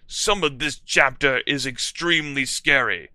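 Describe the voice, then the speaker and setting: Slow, bright-voiced man reading deadpan. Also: medium pitch, no echo. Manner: deadpan, exasperated, mock-solemn. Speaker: reader of a bad fan fiction. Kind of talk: comedic dramatic reading.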